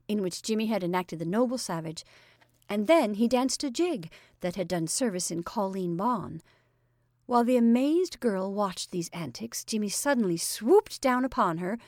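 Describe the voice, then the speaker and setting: A woman reading a classic short story aloud as the storyteller, in a measured, expressive narrating voice. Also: mid-range voice, no echo, studio quality.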